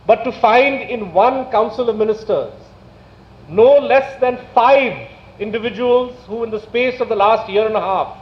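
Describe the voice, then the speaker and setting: Indignant man lecturing in an echoey hall. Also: high-pitched. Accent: Indian English. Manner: indignant, rhetorical questions, measured emphasis. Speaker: speaker at a public talk. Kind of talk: public lecture. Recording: echoey hall, dull lo-fi sound.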